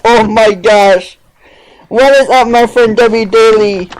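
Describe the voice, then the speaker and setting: A man's voice: high-pitched, steady tone, slow pace, clear, resonant tone, rough recording. A male podcast host ranting in a mocking, sarcastic way, over and over asking "seriously". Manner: sarcastic, keeps saying "seriously".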